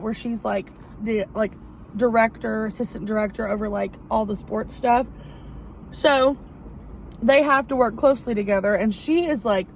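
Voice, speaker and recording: A woman's voice: a little high, a little mellow, a little hiss or hum, poor audio. Gushing woman reviewing a book. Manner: gushing, rambling, lots of fillers. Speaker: book vlogger. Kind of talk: casual book review chat. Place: outdoors near a parking lot.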